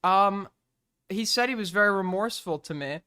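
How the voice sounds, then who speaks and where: A man's voice: high-pitched, moderate pace, pushed and bright, smooth. A man moderating a casual online debate over a voice call, cutting in bluntly to keep it moving.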